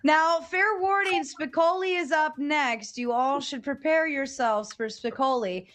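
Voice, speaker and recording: A woman hosts a live online debate and keeps the speakers in line. She is brisk and bossy but friendly, with a fairly high voice. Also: fairly bright tone. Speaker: host and moderator. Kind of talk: casual live-stream moderating.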